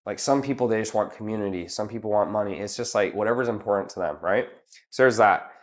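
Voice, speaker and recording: A man's voice: lowish voice, quick pace. A man giving casual business advice as a coach, blunt and emphatic, swearing freely and calling the listener "bro" while he walks through numbered steps.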